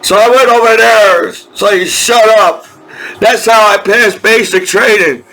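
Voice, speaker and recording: A man with a strikingly high, bright voice rambles slowly through his thoughts, often restarting sentences and repeating himself. He swears freely and breaks into laughter between lines as he talks. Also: rough recording. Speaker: army veteran. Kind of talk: casual rambling monologue.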